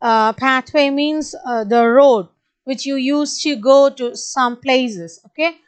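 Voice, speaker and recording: Female schoolteacher, Indian English accent, high voice, very slow and patient, spells and repeats words for children. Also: clear, resonant tone. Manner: kind, patient, addresses kids directly. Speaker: primary school teacher. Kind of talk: online spelling lesson for children.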